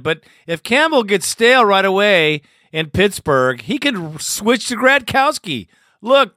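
A man's voice: sits high, pushed and bright, dry recording, clean studio sound. A man hosting a call-in fan podcast, upbeat and chatty, laughing easily between calls. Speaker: podcast host.

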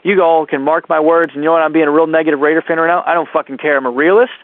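A man's voice: fairly high pitch, steady tone, rapid-fire, no echo. A man phoning in a furious rant, heavy with profanity and insults. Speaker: caller. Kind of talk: angry voicemail rant. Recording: dry tinny phone line.

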